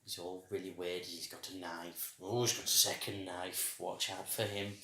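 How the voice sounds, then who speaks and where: A man's voice: low-pitched, level tone, normal speed, pushed and bright, echoey room. A man co-hosting a podcast, chatting casually and rambling, often trailing off and restarting. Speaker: podcast co-host. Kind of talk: casual review chat.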